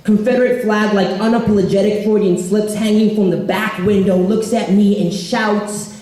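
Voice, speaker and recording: A man's voice: sits high, fairly even intonation, moderate pace, dark tone, slight background noise. A young man performing a spoken word poem with a rhythmic, emphatic delivery. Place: event hall. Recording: echoey hall.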